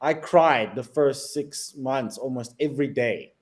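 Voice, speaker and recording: A man from South Africa with a South African accent, a guest videographer telling animated stories in a casual interview and laughing often. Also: mid-range voice, unhurried.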